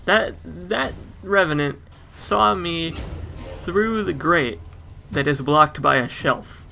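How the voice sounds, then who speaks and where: A man's voice: a little high, slow pace, gravelly, bright, forceful tone, soft background music. A man giving casual let's play game commentary with wry, joking asides.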